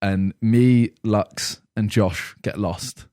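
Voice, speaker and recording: A man's voice: fairly low pitch, very slow, no echo, clean studio sound. A young man on a podcast telling a rambling anecdote in casual chat, acting out what people said. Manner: animated anecdote telling, acts out quotes. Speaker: podcast co-host.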